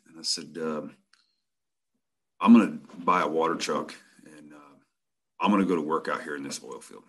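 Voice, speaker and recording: A man's voice: very deep voice, normal speed, pauses often, fairly bright tone, husky. A man casually telling a long personal story in blunt, profane language, laughing now and then.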